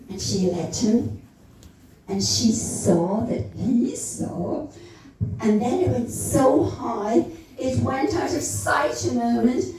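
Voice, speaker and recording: Slow, teasing woman storyteller. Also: high voice, dark tone, slight background noise. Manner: lingering, savouring, teasing delivery with playful swoops. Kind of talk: dramatic literary reading at a live event. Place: club room at a live event. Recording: very echoey room, voice far from the mic.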